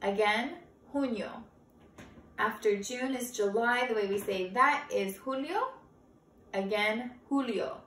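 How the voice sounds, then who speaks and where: A woman teacher leading a children's calendar lesson, slow and encouraging, repeating each word for the kids to echo. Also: fairly high pitch, a bit bright, recorded from a distance, slight background noise. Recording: roomy sound from off-mic.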